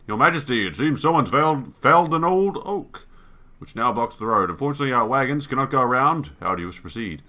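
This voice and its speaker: Man doing a formal royal advisor, clumsy mock German accent, bright tone. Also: mid-range voice, expressive, fast.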